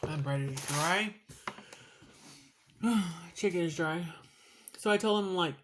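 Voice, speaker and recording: A woman's voice: on the low side, takes it slowly, long pauses, a bit bright. A woman talking to her viewers in a casual home vlog, emotional and rambling, swearing casually. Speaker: vlogger. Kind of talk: casual vlog while eating.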